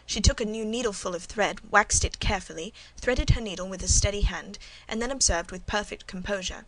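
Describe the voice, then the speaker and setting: A woman reading a classic novel aloud as a first-person narrator, in an even, measured audiobook style. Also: medium pitch, low-quality recording. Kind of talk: scripted narration.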